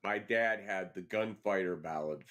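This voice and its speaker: A man hosting a casual after-show chat, telling stories in a lively way and swearing freely. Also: low voice, measured pace. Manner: animated storyteller, swears freely. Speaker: show host.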